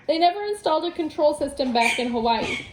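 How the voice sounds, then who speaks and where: A woman's voice: high-pitched, expressive, fast talker, reverberant, background noise. A woman reading a chapter book aloud at home, casual and chatty between passages. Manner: casual, breaks off to laugh and chat. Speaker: storybook reader. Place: home room.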